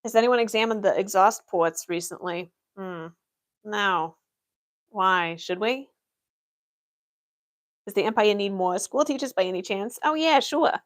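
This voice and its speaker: Pausing often and keeping a measured pace, the medium-pitched streamer plays an Imperial office worker. The young woman handles her chat's questions in character with dry, matter-of-fact jokes.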